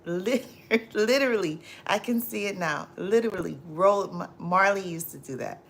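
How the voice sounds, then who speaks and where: A woman hosting a casual livestream, laughing often and chatting with viewers in drawn-out, repetitive phrasing full of fillers. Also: medium pitch, gravelly, slight background noise. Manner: laughs often, reads and answers viewer comments. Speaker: livestream host.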